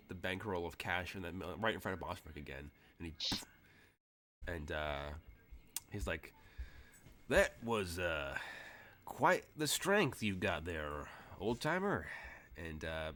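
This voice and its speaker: A man's voice: deep voice, a bit bright, a little hiss or hum. A man narrating as game master of a tabletop game, rambling with many fillers.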